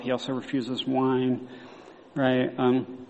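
Male historian, thirties, gravelly, lecturing with fillers and restarts in a reverberant hall. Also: mid-range voice, completely flat delivery, measured pace, darkish tone, muffled recording, slight background noise. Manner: thoughtful, many fillers and restarts. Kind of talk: lecture talk.

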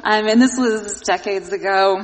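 A woman's voice: medium pitch, measured pace. A woman hosting a casual discussion, chatty and lightly teasing, explaining points as she goes. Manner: chatty, teasing, quotes others while explaining. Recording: reverberant room.

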